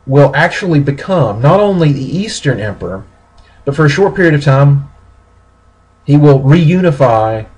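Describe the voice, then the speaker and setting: A man giving a recorded history lecture, explaining steadily with pauses and small self-corrections. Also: mid-range voice, darkish tone, breathy edge, low-quality recording.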